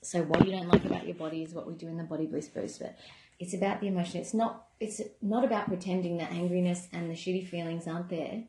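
A woman wellness coach giving a calm, gentle self-help talk in a conversational way. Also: on the low side, quick pace, a little hiss or hum. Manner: calm, gentle, conversational, with many "you know" asides. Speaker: wellness coach running a membership program. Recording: echoey room.

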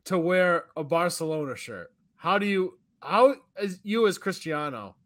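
A man's voice: high-pitched, lively intonation, unhurried, fairly bright tone. A young man co-hosting a sports podcast, blunt and swearing in casual chat. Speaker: podcast co-host.

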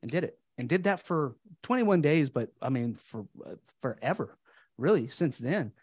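A man's voice: fairly high pitch, animated, normal speed, darkish tone, husky, dry recording, studio quality. A man guesting on a podcast, telling his story in a candid, earnest way and acting out the dialogue. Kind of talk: casual storytelling conversation.

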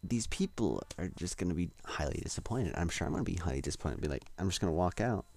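A man's voice: deep voice, animated, quick pace, vocal fry, a little mellow, no room sound. A young man hosting a solo podcast, rambling and self-deprecating with lots of hesitations. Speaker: podcast host.

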